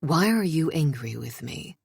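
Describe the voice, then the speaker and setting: A woman's voice: low voice, expressive, measured pace, vocal fry, darkish tone, husky, no room sound, clean studio sound, voice pushed down, exaggerated voice. A woman voicing a stern, grave king who speaks in clipped, commanding sentences.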